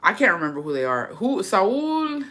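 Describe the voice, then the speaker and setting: Bright-voiced woman vlogger. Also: low voice, moderate pace. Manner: profane, dramatic, switches into Spanish phrases. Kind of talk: casual chat to camera.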